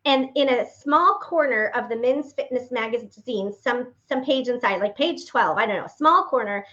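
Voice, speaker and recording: Animated woman telling a faith testimony. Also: a little high, normal speed. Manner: animated storyteller acting out remembered dialogue; earnest, direct address to listeners. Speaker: faith-based motivational speaker. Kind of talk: personal testimony talk. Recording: dull lo-fi recording.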